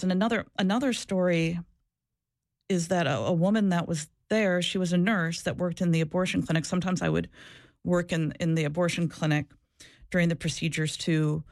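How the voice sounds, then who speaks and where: Woman, interview guest, earnest, reflective, restarts often, gravelly, dry close sound. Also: fairly low pitch, a little mellow, dry recording. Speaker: former social worker, guest. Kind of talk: candid interview talk.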